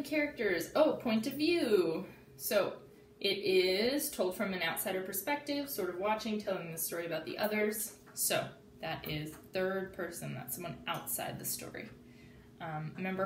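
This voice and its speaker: A woman teacher reading a storybook aloud to children and explaining it, slow and expressive, with sound effects, in an echoey room with faint background noise. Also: on the low side, distant mic.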